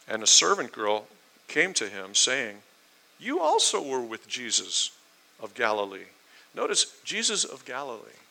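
An American man preaches a Bible-teaching sermon, putting questions to his listeners and acting out the scenes he describes. His delivery is animated and his tone is very bright and crisp. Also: medium pitch, rough recording. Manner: animated, asks listeners questions, acts out quotes.

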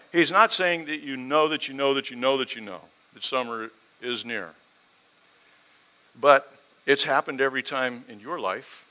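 A man's voice: medium pitch, pushed and bright. A man preaching a storytelling sermon, building his points through emphatic repetition.

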